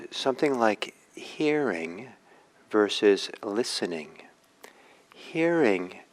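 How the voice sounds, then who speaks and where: A man guides a morning meditation in a calm, measured voice. His pitch sits low, and he talks very slowly, letting long pauses settle between short phrases as he explains the practice. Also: low-quality recording. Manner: slow, gentle, with long pauses. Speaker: meditation teacher.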